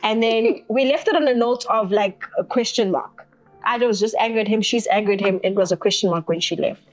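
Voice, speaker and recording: A woman's voice: mid-range voice, a little fast, soft background music. A young woman tells a personal story as an interview guest, acting out the other people's lines as she goes.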